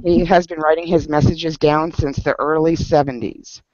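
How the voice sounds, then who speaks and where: Man, fairly high voice, animated storyteller, lo-fi recording, dry close sound. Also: normal speed, no room sound. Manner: animated storyteller, laughs often, many fillers. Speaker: book club member. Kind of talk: casual group discussion. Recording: dull lo-fi sound.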